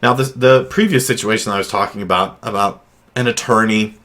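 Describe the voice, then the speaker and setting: Low-voiced man giving casual counseling advice. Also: brisk, fairly bright tone. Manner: talks with many fillers and restarts.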